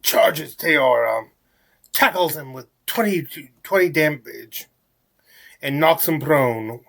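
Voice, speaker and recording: A man narrating and explaining a tabletop game recap, a bit halting. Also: fairly high pitch, animated, vocal fry, a bit bright. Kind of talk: recap commentary.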